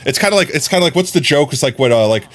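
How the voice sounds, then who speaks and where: A man's voice: fairly high pitch, lively intonation, racing, a bit bright. A man with a mild New York accent, chatting casually as a streamer while he plays, rambling, repeating words and laughing often. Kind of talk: casual chat while gaming.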